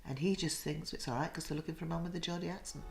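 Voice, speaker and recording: A woman's voice: sits low, fairly even intonation, rapid-fire, gravelly, loud music behind the voice. An older woman recalls past events in a documentary interview, telling it with emphatic feeling. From Yorkshire. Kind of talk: recollection in an interview.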